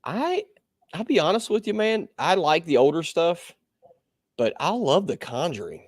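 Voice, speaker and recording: A man co-hosting a podcast in casual chat, animated and laughing, swearing freely. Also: fairly high pitch, normal speed, no room sound, studio quality. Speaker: podcast co-host.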